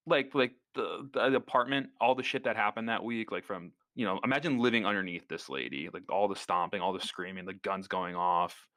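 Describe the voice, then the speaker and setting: Male podcast co-host, lowish voice, rambling and incredulous, dry close sound. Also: a little fast, hardly any pauses, fairly bright tone, no room sound. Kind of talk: casual movie chat.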